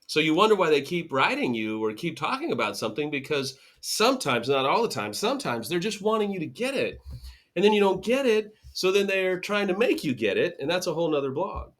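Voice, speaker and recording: A man's voice: a little high, very animated, brisk, a bit bright. A man hosting a solo podcast about healing relationships, talking earnestly and animatedly, often acting out quoted speech. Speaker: podcast host.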